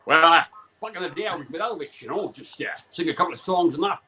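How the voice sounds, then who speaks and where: A man's voice: fairly high pitch, lively intonation, quick pace, pushed and bright. A man putting on a Welsh accent as a rambling, boastful old-school crooner. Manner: rambling showbiz anecdote.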